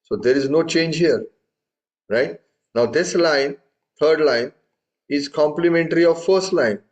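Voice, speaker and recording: A man's voice: on the high side, unhurried. Man teaching tabla. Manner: recites drum syllables in rhythm, patient and encouraging. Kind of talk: music lesson explanation.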